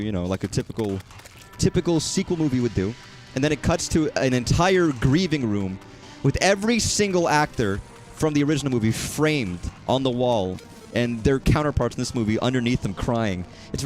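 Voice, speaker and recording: A man's voice: mid-range voice, lively intonation, normal speed, faint music behind. A man chatting casually while streaming a game, rambling and swearing at enemies. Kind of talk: casual gaming commentary.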